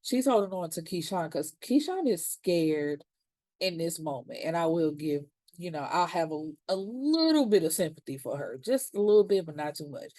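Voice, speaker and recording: Chatty slangy woman with a low, mellow voice. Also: expressive, normal speed, no room sound. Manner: chatty and slangy, acts out characters' lines. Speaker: TV series reviewer. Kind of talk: casual episode recap.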